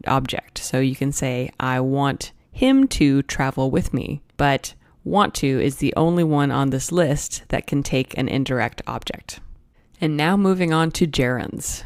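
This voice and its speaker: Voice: medium pitch, a little mellow, dry recording. Teacher's dry voice explaining grammar. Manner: explains step by step, reading example sentences aloud. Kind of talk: recorded lesson narration over slides.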